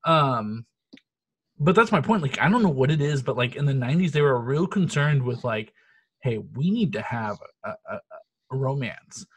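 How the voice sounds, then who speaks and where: A man's voice: medium pitch, animated, moderate pace, slightly rough. A man co-hosting a podcast, chatting casually and profanely about a movie, laughing and telling stories with animation. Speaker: podcast co-host. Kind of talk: casual chat reviewing a movie.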